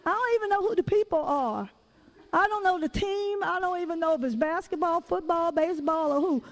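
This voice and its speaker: Woman preacher, high voice, chatty and animated, calls out to the congregation. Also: brisk, poor audio. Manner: animated, conversational storytelling with call-outs to the audience. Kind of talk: sermon.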